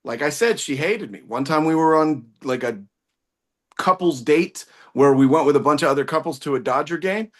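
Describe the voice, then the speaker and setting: Self-mocking man, slightly high voice. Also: animated, normal speed. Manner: rambling, self-mocking delivery with sudden loud sung bits. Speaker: stand-up comedian. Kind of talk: stand-up set on a virtual show. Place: home, on a video call. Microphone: video call.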